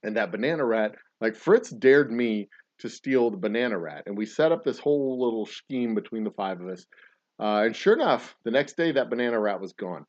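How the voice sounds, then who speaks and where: A man's voice: lowish voice, expressive, fairly quick, dull audio. A man hosting a casual chat show while mixing a cocktail, joking and rambling through tall tales with a straight face. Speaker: podcast host and distiller.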